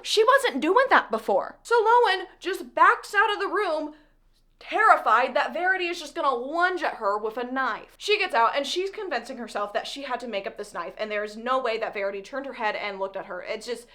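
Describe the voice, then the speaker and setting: A woman's voice: high-pitched, lively intonation, normal speed, pushed and bright. A woman giving a chatty, dramatic recap of a novel, with joking asides to her viewers. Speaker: book recap vlogger. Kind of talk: animated casual book recap.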